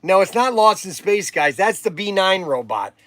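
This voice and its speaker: A man's voice: high voice, very animated, normal speed, a bit bright, dry recording. An older man hosting a livestream, rambling and exasperated, sighing while he chats. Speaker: livestream host.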